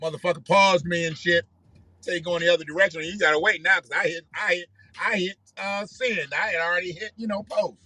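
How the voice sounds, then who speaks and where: A man's voice: high-pitched, fairly even intonation, a little fast, bright, forceful tone. A man hosting a live stream, giving rambling, profane commentary and often repeating himself. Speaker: livestream host.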